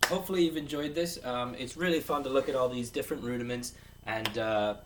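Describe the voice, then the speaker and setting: A man's voice: medium pitch, a little fast. A man teaching a casual drum lesson, rambling and joking as he counts beats aloud. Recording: distant mic with clear background noise.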